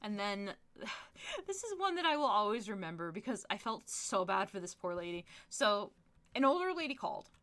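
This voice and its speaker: Lively, bright-voiced woman streamer. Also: medium pitch, moderate pace. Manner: animated storytelling with frequent laughs and fillers. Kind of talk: casual chat while gaming.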